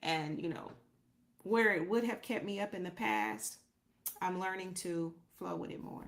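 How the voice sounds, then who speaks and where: A woman's voice: medium pitch, expressive, normal speed, gravelly. Woman podcast host, casual and reflective, mid-range voice, talks straight to her viewers. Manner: reflective, faith-centered, reads out viewer comments; loose, conversational, repeats herself and thinks aloud. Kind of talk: casual livestream chat with viewers.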